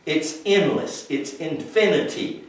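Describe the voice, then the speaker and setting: A man's voice: on the high side, slow. Folksy preacher man in an echoey room. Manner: swings from loud preaching to quiet explaining, folksy grammar. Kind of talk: informal sermon teaching. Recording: echoey room, mic far off.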